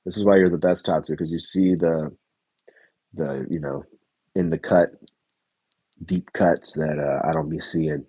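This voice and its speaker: Low, husky-voiced man rambling. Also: fairly even intonation, a little slow, long pauses, no echo. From United States. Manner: rambling, self-correcting, swears and chuckles. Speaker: reality TV reviewer. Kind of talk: casual reaction review chat.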